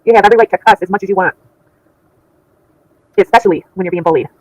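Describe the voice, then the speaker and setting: Fast-talking indignant woman streamer. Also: medium pitch, a little mellow, no echo, muffled recording. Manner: chatty, indignant, laughs often. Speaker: channel host reading chat. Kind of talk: casual livestream chat.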